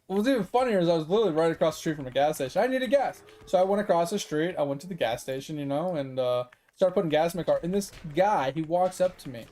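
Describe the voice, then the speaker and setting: A man chatting casually while he plays a game, telling a story with a lot of swearing and laughter. His voice sits high for a man, with a mellow, soft edge. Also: quick pace, few pauses. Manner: profane, animated storytelling with laughs. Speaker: gaming streamer.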